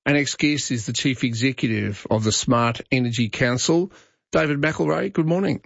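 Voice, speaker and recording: Opinionated Australian radio host, dry studio sound. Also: male voice, medium pitch, moderate pace, vocal fry, a bit bright, no echo. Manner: opinionated, conversational, frequent fillers and restarts. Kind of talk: talkback radio commentary. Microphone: studio microphone. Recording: slightly dull broadcast audio, dry.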